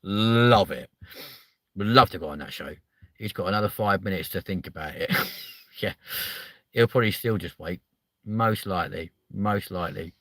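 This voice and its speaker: A man hosting a casual, comedic chat show, swearing freely and bouncing excitedly from one story to the next. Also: low-pitched, moderate pace, long pauses, no room sound. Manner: sweary, excitable, jumps between stories. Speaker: show host.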